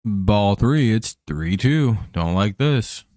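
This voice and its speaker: A man with a lowish voice hosts a live stream, talking in a loose, rambling way between calls of balls and strikes. His voice sits dry and close to the mic. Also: lively intonation, takes it slowly, warm tone, no echo. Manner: rambling and offhand, calling the count. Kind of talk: casual chat while watching a baseball game.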